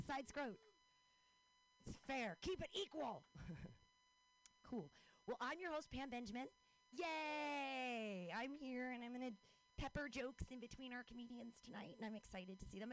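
A woman's voice: a little high, poor audio. A woman hosting a stand-up comedy show outdoors, playful and loose, hyping up the crowd.

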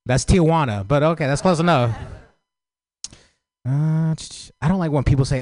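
A man's voice: a little high, moderate pace, pauses often, a little mellow, no echo. A man doing a loose, profane open-mic stand-up set, joking at his own expense and asking for feedback. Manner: loose, profane, self-deprecating.

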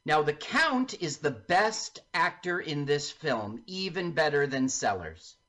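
A radio host talking a listener through a film, lively and slipping into mock accents for the characters. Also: mid-range voice, takes it slowly. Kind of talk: casual radio talk with film commentary.

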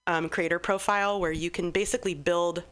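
A woman's voice: fairly low pitch, steady tone, a little fast, a bit bright. Chatty, bubbly woman guest. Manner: bubbly, enthusiastic, rambling with restarts. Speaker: guest musician. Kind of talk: casual radio chat.

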